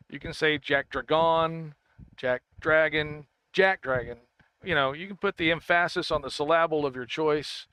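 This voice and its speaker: A man talks casually to his livestream chat, circling back and restarting his sentences. His voice sits a little high and sounds bright and crisp. The recording is dry and close to the mic. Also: no room sound. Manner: rambling, stammering, self-correcting, quick to laugh. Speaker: gaming streamer.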